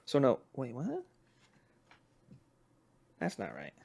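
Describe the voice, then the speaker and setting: A man's voice: medium pitch, huge pitch swings, slow, gravelly, darkish tone. A man co-hosting a podcast, chatting loosely with a lot of jokes and swearing. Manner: loose, joking, swears freely. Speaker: podcast co-host. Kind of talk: casual chat.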